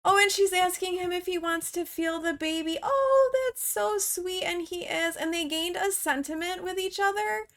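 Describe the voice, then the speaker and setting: A woman giving chatty, casual gameplay commentary with frequent gasps and excited exclamations. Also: very high voice, moderate pace, hardly any pauses. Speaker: let's play host.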